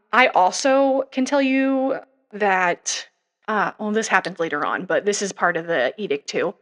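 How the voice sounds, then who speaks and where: A woman's voice: medium pitch, a bit bright. Chatty woman podcaster, rambling storyteller. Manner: chatty, rambling with fillers and asides. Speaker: podcast co-host. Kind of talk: casual true-crime chat.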